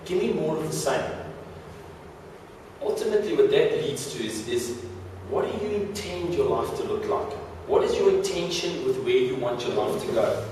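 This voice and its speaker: A male motivational speaker works a live audience with jokes and quick, tumbling restarts, his voice sitting a touch high. The sound is caught from a distance in a large, heavily echoing hall, with a light hiss underneath. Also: dark tone. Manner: playful, joking, repeats words in quick restarts. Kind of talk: stage talk with audience interaction. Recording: echoey hall, mic far off.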